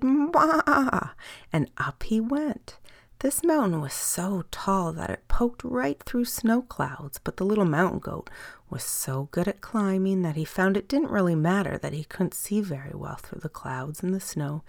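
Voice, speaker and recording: Female storyteller for a bedtime tale: soft and lilting, with gravelly fry and a dry, close sound. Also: fairly low pitch, no room sound. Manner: soft and lilting, slowing down and dropping to a whisper on some words.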